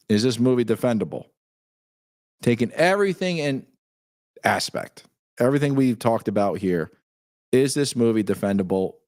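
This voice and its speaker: A man's voice: on the low side, darkish tone, no echo, studio quality. A man in his forties hosting a casual live stream, laughing often as he reads viewer comments aloud. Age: 40s. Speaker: show host.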